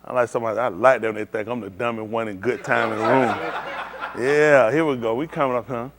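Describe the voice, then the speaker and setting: A man's voice: medium pitch, steady tone, a little fast, background noise. A man hosting a playful trivia game with a room of people, teasing and calling on them by name. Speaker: host leading a group trivia game. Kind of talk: lively group banter.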